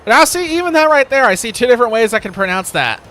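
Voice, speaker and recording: A man's voice: very high-pitched, very animated, fast talker, pushed and bright. A man chatting casually while livestreaming a game, joking, rambling and laughing often. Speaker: streamer. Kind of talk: casual gaming livestream chat.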